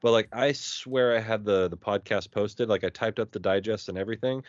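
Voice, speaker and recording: A man co-hosting a podcast in casual chat, quick with jokes and banter. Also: fairly low pitch, no room sound. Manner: joking, banter, quips. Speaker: podcast co-host. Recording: dull dry podcast audio.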